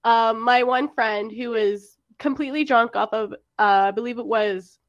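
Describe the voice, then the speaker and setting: A woman's voice: fairly high pitch, moderate pace, no echo, muffled recording. Laughing young woman telling party stories. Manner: laughing, animated storytelling with acted-out quotes. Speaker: co-host telling a party story. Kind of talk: casual chat.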